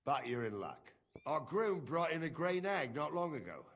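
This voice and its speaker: An actor playing a calm, matter-of-fact middle-aged male steward in a video game. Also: fairly high pitch, moderate pace, full character voice.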